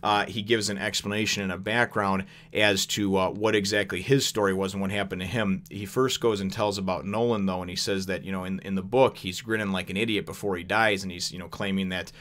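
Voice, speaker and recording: A man's voice: deep voice, fairly even intonation, brisk, few pauses, fairly bright tone. A young adult man casually recapping a manga chapter, rambling with lots of fillers and chuckles.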